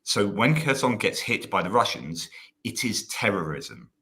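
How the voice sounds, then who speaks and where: A man with a bright, forceful voice and a somewhat low pitch, talking as a guest on a live stream. He speaks haltingly, with frequent restarts and fillers, and he is emotional at moments. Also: sing-song, vocal fry. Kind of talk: casual live-stream conversation.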